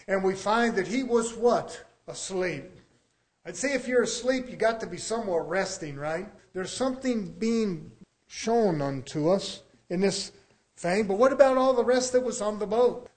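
High-voiced man preaching a folksy sermon. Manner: folksy, conversational preaching with rhetorical questions.

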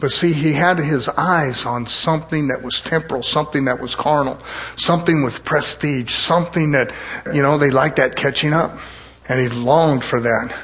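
Fervent and punctuated by hallelujahs and amens, a man's sermon rings with a fairly bright tone. He eases down, slow and low, for the scripture lines.

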